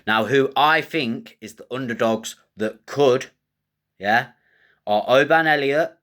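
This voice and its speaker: A man's voice: mid-range voice, slow, a bit bright. A man giving blunt, rambling fight picks and betting tips in casual, coarse commentary. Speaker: MMA betting tipster host.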